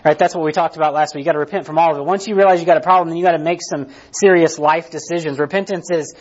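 A man with a high voice gives a casual, conversational sermon and keeps tagging his points with "right?". The recording has a dull, lo-fi sound. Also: fairly even intonation, racing. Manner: conversational preaching, frequent "right?" tags, restarts. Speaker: pastor.

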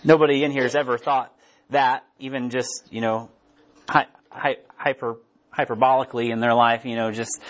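A man's voice: mid-range voice, level tone, fairly quick. A man preaching in a casual, conversational way and often checking in with "right?", heard on a dull lo-fi recording. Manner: casual, keeps asking "right?". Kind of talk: conversational Bible teaching.

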